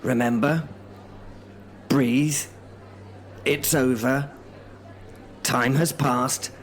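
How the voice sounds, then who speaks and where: A man's voice: mid-range voice, steady tone, drawn-out words. A man playing an interviewer in a comedy audio drama who coaxes a confused guest along with strained patience. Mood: soothing. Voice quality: patient but exasperated.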